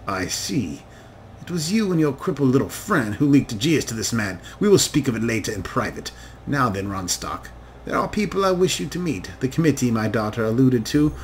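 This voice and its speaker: A man's voice: mid-range voice, sing-song, moderate pace, a little hiss or hum, close to an everyday voice. A man doing an icy wealthy patriarch. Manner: clipped, formal, commanding. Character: cold, imperious wealthy older father.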